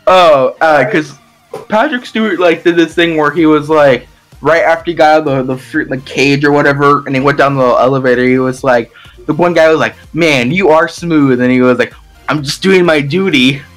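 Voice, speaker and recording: A man's voice: a little high, fairly quick, fairly bright tone, faint music behind. A young man co-hosting a casual podcast, rambling and emphatic with lots of restarts. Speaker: podcast co-host. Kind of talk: casual chat.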